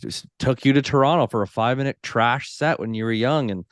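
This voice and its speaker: A man's voice: medium pitch, brisk, clear, resonant tone, no echo, studio quality. A man hosting a podcast, talking loosely and effusively, peppering his speech with "like". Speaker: podcast host. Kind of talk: casual podcast conversation.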